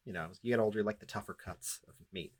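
A man's voice: lowish voice, fast talker. A man co-hosting a podcast, recapping a novel in a sarcastic, rambling, profane way. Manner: sarcastic, rambling, with many fillers. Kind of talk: casual, profane book-recap chat.

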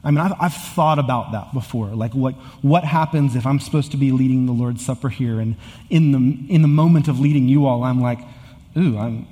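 A man's voice: mid-range voice, brisk, mellow, long reverb tail. A man in his thirties preaching a sermon as a pastor, earnest and building to emphatic repetition. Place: church sanctuary with long reverb.

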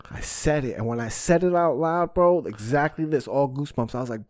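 A male podcast host in casual conversation, frank and heavy on swearing, acting out what he said and thought as he tells his story. His voice sits at a middle pitch, and the sound is close and dry with no room echo. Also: expressive, a little mellow. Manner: frank, profane, quick to act out his own reactions.

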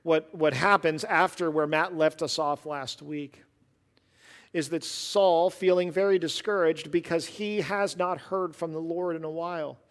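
A man's voice: on the high side, fairly even intonation, measured pace, in a large hall. A man preaching a sermon as a pastor, reading scripture with rising emphasis, then explaining it conversationally and with dry sarcasm.

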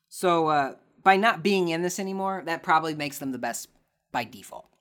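A man's voice: on the high side, normal speed, a bit bright, clean tone. A man hosting a podcast, answering listener questions in a sarcastic, ranting casual chat. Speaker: podcast host.

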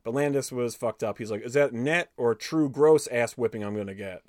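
Animated man reading an interview aloud. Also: mid-range voice, a little fast, dry recording, clean studio sound. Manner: animated, profane storytelling, switching between reading and commenting. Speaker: podcast host.

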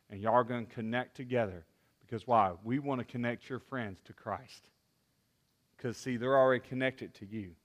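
A man preaching a sermon as a youth pastor, impassioned, with restarts, swinging from loud to hushed. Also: medium pitch.

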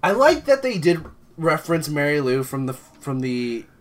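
A man's voice: a little high, very animated, normal speed. A man co-hosting a podcast in casual film chat, rambling with frequent restarts. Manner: rambling, laughs often. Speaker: podcast co-host.

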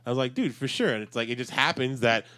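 A man's voice: medium pitch, animated, fast, sharp tone. Rambling, swearing podcast co-host man. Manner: rambling storyteller, swears freely, many fillers. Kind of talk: casual chat.

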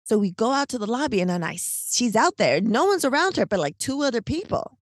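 A woman co-hosting a podcast, telling a long story in casual, animated, slangy chat, full of "like" and "right?". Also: on the high side, brisk, dry recording, studio quality. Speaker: podcast co-host.

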